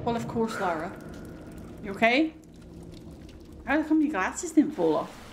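A young British woman with a British accent giving excitable, gushing, chatty commentary while playing a video game. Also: on the high side, a little slow, slight background noise. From Britain. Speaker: gaming streamer. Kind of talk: casual gameplay commentary.

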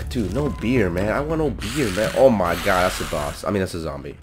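Over music, a gaming YouTuber with a low-pitched voice talks at a moderate pace from a hot room at home. His casual let's-play commentary is excitable, aimed at viewers, with jumpy outbursts and self-talk while he loots.

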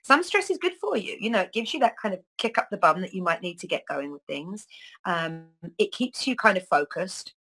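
A woman's voice: on the low side, fairly quick, fairly bright tone, slightly rough, low-quality recording. A middle-aged woman, talking casually to camera about wellness, rambling with many ums and restarts. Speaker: wellness talk host. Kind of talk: casual spoken talk to camera.

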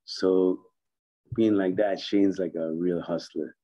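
Low, mellow-voiced man telling stories. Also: steady tone, slow, lo-fi sound. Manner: laughing, profane storyteller. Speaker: podcast guest. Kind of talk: casual storytelling chat.

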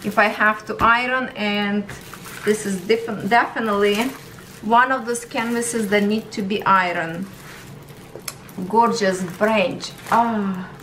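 A woman's voice: mid-range voice, steady tone, slow, a bit bright, distant mic, slight background noise, poor audio. A woman hosting a casual unboxing vlog about diamond painting, gushing and chatty.

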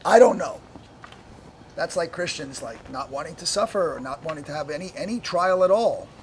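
A man preaching a sermon with animated delivery, firing rhetorical questions at the congregation and laughing often between points. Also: on the high side, moderate pace, slight background noise. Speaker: pastor.

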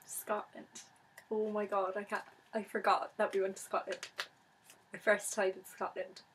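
Young woman vlogger, chatty and bubbly, monotone delivery, light hiss behind. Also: mid-range voice, moderate pace, rough recording. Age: young adult. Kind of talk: casual chat to camera.

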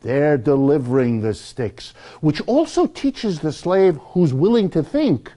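A man giving a public lecture, telling history like a story and acting out quotes in a lively, punchline-driven way. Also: fairly high pitch, measured pace, hardly any pauses.

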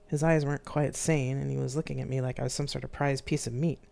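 An author reading their own novel aloud in an expressive, dramatic live-streamed narration. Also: medium pitch, fast talker, creaky, hardly any pauses.

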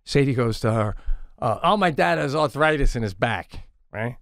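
A man's voice: medium pitch, moderate pace, dry recording, clean studio sound. A middle-aged man co-hosting a podcast, telling a story in a heated, exasperated, profane way, his voice jumping up when he gets irritated. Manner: animated, voice jumps up when irritated. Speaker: podcast co-host. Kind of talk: casual storytelling.

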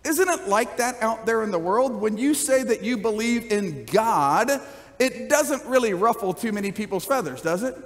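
A man's voice: high voice, animated, moderate pace, in a large hall. A man pastor preaching a sermon in a conversational style, often checking in with the congregation with "right?" and light jokes. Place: church sanctuary.

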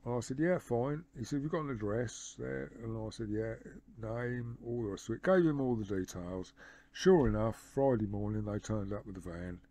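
Casting note: a man talking to camera, rambling, conversational storytelling, warm mellow tone, middle pitch. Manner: rambling retelling of a phone conversation, lots of "he said" and "I said". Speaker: motorcycle vlogger.

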